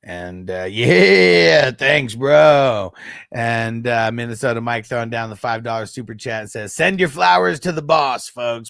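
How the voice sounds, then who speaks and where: A man's voice: mid-range voice, gravelly, a bit bright, no echo, studio quality. A man in his thirties hosting a fantasy football live stream, chatting casually, laughing and swearing. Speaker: fantasy football livestream host.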